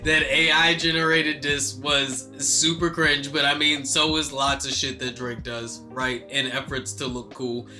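A man's voice: mid-range voice, flat delivery, a little slow, hardly any pauses, bright, forceful tone, faint music behind. A man casually chatting about rap beef and boxing, loose and joking, with lots of fillers and swearing. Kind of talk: casual hip-hop commentary chat.

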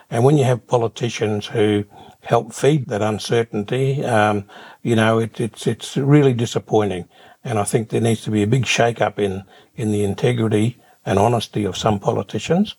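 Older Australian man, husky gravelly interview guest, thoughtful and unhurried. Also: on the low side, a little mellow. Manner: measured, repeats words as he thinks. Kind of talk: reflective interview answers.

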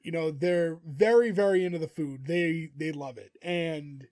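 A man's voice: fairly high pitch, a little slow, a little mellow. A man co-hosting a podcast, recapping an episode in chatty casual talk full of fillers. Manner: chatty, full of "like" and "you know". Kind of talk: casual chat.

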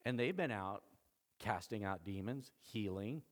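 A man preaching a sermon as pastor, animated and conversational, often laughing. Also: on the low side, moderate pace.

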